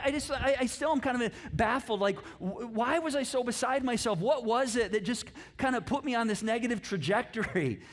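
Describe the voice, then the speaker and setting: High-voiced man preaching casually. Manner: conversational, animated, repeats words, laughs often. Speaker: pastor. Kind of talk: sermon. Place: church auditorium.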